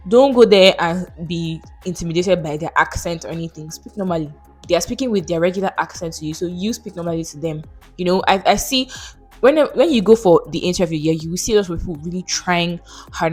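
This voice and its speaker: Frank young woman, lowish voice. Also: breathy edge. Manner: frank, opinionated, chatty. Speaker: YouTuber answering viewer questions. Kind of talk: casual Q&A vlog.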